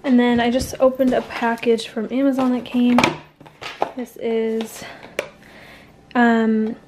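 A young woman chatting casually in a home vlog, rambling in a relaxed way. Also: fairly high pitch, slow, noisy background. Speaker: vlogger.

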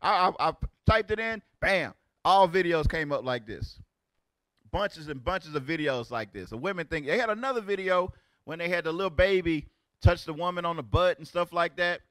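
Animated, bright-voiced man in his forties. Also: on the high side, moderate pace, dry recording. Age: 40s. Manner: loud, exclamatory, street-talk banter. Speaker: teacher of a religious group. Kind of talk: animated preaching commentary on videos.

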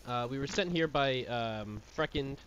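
A man's voice: medium pitch, measured pace, fairly bright tone, dull audio. A young man speaking as a player in a tabletop game, polite and hesitant with many fillers.

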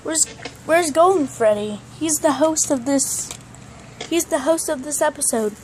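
High-voiced woman doing a playful plush unboxing. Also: slight background noise. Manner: playful, halting, puts on a silly accent. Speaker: toy reviewer. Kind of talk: casual unboxing review.

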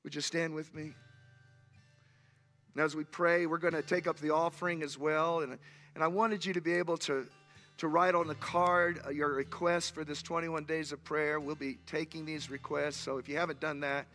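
Earnest preaching man, higher voice. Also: fairly even intonation, moderate pace, a bit bright, big-room sound, faint music behind. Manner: earnest storytelling, rising to fervent appeals. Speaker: pastor. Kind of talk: sermon. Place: church sanctuary.

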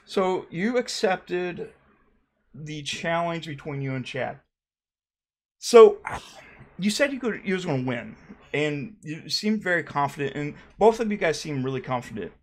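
A man hosting a comedic mock interview, talking low and deadpan with hesitant restarts. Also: unhurried. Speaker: parody interviewer.

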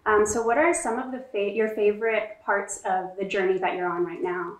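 A woman's voice: medium pitch, steady tone, moderate pace. Admiring woman host in an echoey room. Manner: admiring, asking follow-up questions. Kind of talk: interview hosting. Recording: echoey distant mic with faint noise.

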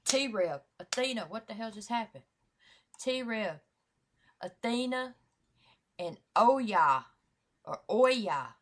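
A woman hosting a reaction vlog, talking in casual slang, full of shout-outs and swearing, hyped up for the track. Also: fairly high pitch, lively intonation, takes it slowly, pauses often. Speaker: YouTube reaction host.

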